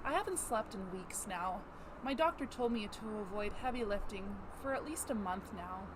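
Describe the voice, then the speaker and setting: A woman's voice: mid-range voice, animated, normal speed, noisy background, lightly acted. A woman voicing a meek, passive man in an acted role-play, hesitantly rambling through excuses.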